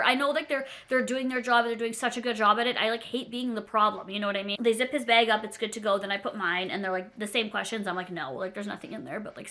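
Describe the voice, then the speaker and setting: A young adult woman telling a story in a casual vlog, rambling and animated, with lots of "like" fillers. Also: a little high. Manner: chatty, rambling, many "like" fillers; animated and self-deprecating. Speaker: storytime vlogger.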